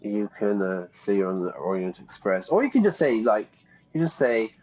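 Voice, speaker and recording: A playful man talks through a game, thinking aloud as he goes. His voice sits a little low. The recording sounds dull and muffled. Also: very animated, normal speed, darkish tone, slight background noise. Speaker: teacher playing a game for learners. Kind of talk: casual game commentary.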